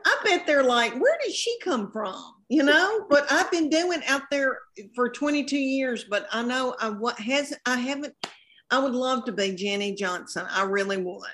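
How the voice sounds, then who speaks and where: A woman's voice: high-pitched, moderate pace, a bit bright. A woman, a comedian guest chatting on a podcast in a folksy, exclaiming way. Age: 50s. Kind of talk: casual podcast chat.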